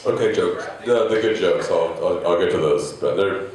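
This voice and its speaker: A man in his thirties doing a stand-up set, rambling and self-deprecating, with halting restarts. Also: low-pitched, darkish tone. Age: 30s. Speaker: stand-up comedian. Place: comedy club stage. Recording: echoey live venue, mic heard from a distance.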